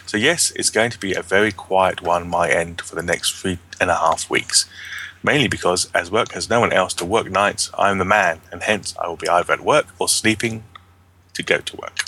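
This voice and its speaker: A man's voice: low voice, normal speed, bright, forceful tone, slight background noise. A man co-hosting a casual gaming podcast, reading listener emails aloud and breaking off with jokey asides. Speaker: podcast co-host.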